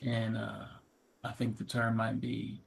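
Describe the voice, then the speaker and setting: Gravelly man sharing in a group. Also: fairly low pitch, monotone, a little slow, slight background noise. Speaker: group member.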